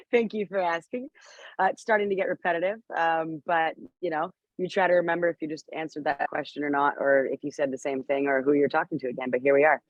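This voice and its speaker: A woman's voice: low voice, fairly even intonation, brisk, no echo. Actress guest, woman, bubbly and laughing, over a muffled and dry video call. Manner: bubbly, laughs often, filler-heavy.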